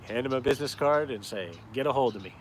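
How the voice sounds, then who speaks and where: A man's voice: mid-range voice, fast talker, a little hiss or hum. Chatty man live-streaming outdoors. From upstate New York. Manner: rambling, chatty, swears casually. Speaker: caricature artist and vlogger. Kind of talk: casual live-stream chat. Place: outdoors in town, cold.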